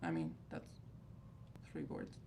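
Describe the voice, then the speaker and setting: Gravelly-voiced woman in casual livestream chat. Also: a bass voice, expressive, slow pace, darkish tone, a little hiss or hum. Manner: rambling, candid, exasperated. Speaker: livestream host of a fragrance group.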